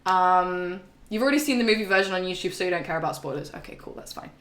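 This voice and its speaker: Talking at a quick pace in a fairly low, fairly bright voice, a woman streamer rambles through a casual game recap for her live chat. She swears freely, laughs, and says um a lot, and the recording has a roomy echo.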